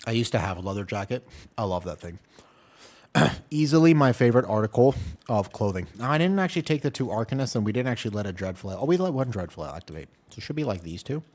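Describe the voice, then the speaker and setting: A man streaming a game, chatting casually with his viewers in quick, jumpy banter. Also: on the low side. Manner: animated, jumpy banter with chat. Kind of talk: casual chat while gaming.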